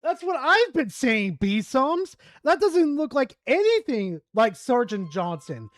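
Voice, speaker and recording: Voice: high voice, big pitch swings, slow, no echo, studio quality. Frustrated swearing game streamer. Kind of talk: gaming commentary while playing.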